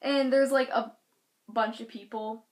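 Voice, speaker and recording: A teenage girl telling a storytime vlog, animated, acting out quotes with loud shouted bursts. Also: fairly high pitch, unhurried. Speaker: vlogger.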